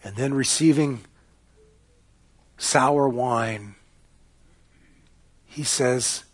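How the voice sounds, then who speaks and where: A man preaching a sermon, telling a story dramatically and swinging between loud passages and hushed ones. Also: mid-range voice, very slow. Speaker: pastor.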